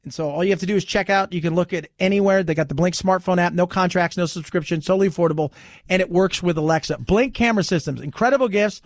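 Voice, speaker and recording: A middle-aged man hosting a casual talk radio show, rambling and animated, reading ads and chatting. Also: high voice, quick pace, no echo, studio quality. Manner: rambling, animated, mimics voices.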